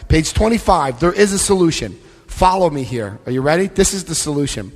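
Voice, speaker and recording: A man giving a lively, joking talk to an AA convention crowd, often acting out other people's voices. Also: fairly high pitch, a little fast. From United States. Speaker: AA convention speaker. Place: large convention hall. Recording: live hall recording with long reverb.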